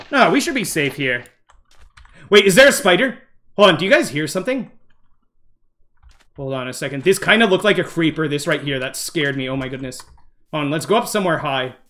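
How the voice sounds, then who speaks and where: High, bright excitable young man streaming. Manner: excitable, jumpy, repeats himself when scared. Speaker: gaming streamer. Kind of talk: live gameplay commentary.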